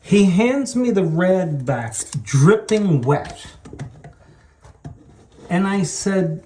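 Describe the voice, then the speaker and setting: A man's voice: sits high, slight background noise. A middle-aged man who hangs wallpaper, telling chatty stories in a casual way while he works. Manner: slow, animated, chatty anecdotes. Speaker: wallpaper hanger. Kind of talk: casual storytelling while working.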